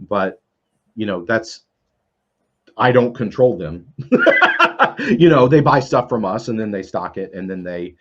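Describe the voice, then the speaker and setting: Sex: man. Role: publisher guest on a stream panel. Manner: hesitant, restarts often. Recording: dull lo-fi video call audio. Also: on the low side. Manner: hesitant, many fillers, self-interrupting. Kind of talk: casual panel chat on a livestream.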